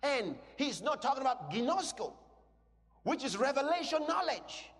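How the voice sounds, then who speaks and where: High-voiced emphatic preacher in a hall. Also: male voice, very animated, normal speed. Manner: emphatic, swings from quiet teaching to shouted declarations. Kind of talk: sermon. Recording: long hall reverb.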